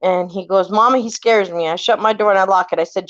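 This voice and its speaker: A woman's voice: mid-range voice, quick pace, no room sound. A woman in her forties from California, casually telling family ghost stories and acting out what people said. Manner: animated, acts out quoted voices, swears casually. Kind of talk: casual storytelling chat. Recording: dull lo-fi recording.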